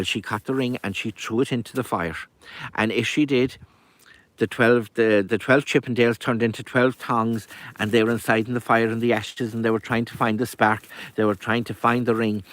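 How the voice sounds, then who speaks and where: A man telling a folk tale in a lively, chatty way with asides. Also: medium pitch, no echo. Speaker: storyteller. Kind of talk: oral folk storytelling.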